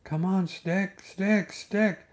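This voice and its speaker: An excitable little kangaroo boy, played by a male storyteller, pitched well above the reader's usual voice. He chatters eagerly and can barely sit still. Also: a little slow. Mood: excited.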